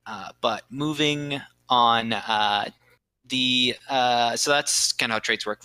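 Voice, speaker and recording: A man walks his players through a tabletop game's rules in a relaxed podcast chat. His voice is very bright and sits close and dry on the mic, and he pads his explanations with lots of "um"s before punching a point. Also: mid-range voice, no room sound, rough recording. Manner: explanatory, many fillers, bursts of emphasis. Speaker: game master explaining rules.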